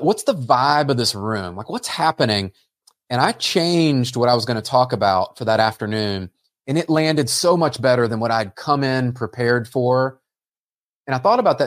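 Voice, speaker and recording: A man's voice: medium pitch, expressive, fairly quick, no echo, studio quality. A man hosting a podcast, speaking in an earnest, reflective way with frequent filler words. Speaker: podcast host. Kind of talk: casual interview chat.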